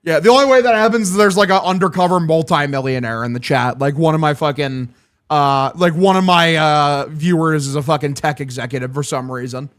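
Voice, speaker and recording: A young man streaming a game watch-along, calling the plays and excitedly thanking his chat, swearing freely. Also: a little high, a little fast. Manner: hyped, profane, thanking chat. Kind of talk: live watch-along play-by-play.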